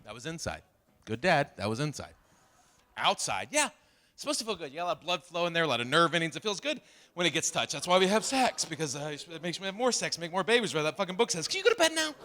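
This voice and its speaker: A man's voice: a little high, sing-song, fast, bright, forceful tone. A middle-aged man doing a stand-up comedy set, acting out voices of his wife and son. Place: live comedy stage with audience. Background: audience laughter.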